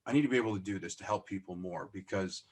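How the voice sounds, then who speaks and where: A man with a fairly low voice chats as a podcast guest, telling stories about his own business. He is animated and self-deprecating, and he acts out the dialogue in his stories. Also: quick pace, breathy edge. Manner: self-deprecating, laughs as he talks. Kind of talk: casual storytelling interview.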